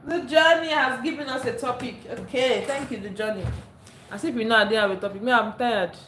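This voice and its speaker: A woman's voice: fairly high pitch, brisk, fairly bright tone, a little hiss or hum. A tired woman from Nigeria hosting a casual live stream, greeting viewers by name and repeating herself as she talks. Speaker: livestream host. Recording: echoey room, faint ambience.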